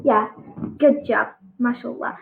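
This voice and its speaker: A woman giving a casual pronunciation lesson on letter sounds, halting and full of fillers, encouraging her students. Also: on the high side, fairly even intonation, creaky. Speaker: Arabic alphabet teacher. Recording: echoey, tinny phone-like sound.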